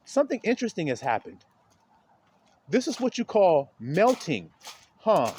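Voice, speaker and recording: High-voiced guy preaching to his viewers outside, phone in hand, swoops up and down a lot. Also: wildly swooping pitch, moderate pace, slight background noise. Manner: talks straight to viewers, rising to a loud preaching pitch. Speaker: street preacher. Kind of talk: informal outdoor video sermon. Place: outdoors in melting snow among trees.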